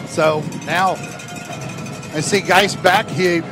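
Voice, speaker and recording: A man doing play-by-play commentary on a high school football game on a headset, talking loosely with lots of fillers and restarts. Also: steady tone, slow pace, music in the background. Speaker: play-by-play announcer.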